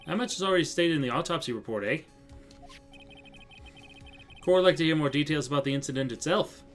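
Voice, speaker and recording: This fast-talking man with a fairly high voice lightly acts out a gruff, blustering older male judge while reading a game on a live stream. He uses a wobbly Canadian accent and ends lines with "eh", over soft background music.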